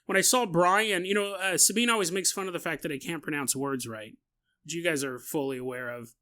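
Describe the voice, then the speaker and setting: A man's voice: a little high, fairly quick, pushed and bright. A man hosting a podcast live stream, chatting casually and rambling, laughing now and then. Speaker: podcast host.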